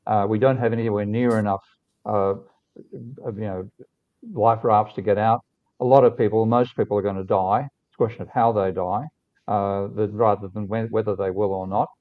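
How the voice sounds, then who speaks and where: A male livestream host speaking earnestly over a video call, halting and restarting often. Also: fairly low pitch, fairly even intonation. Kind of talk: livestream discussion. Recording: tinny phone-like call audio.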